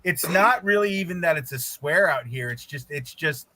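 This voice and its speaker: A man's voice: a little high, animated, moderate pace, bright, forceful tone. A man chatting as a guest on a stream, talkative and apologetic about his swearing. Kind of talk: casual chat.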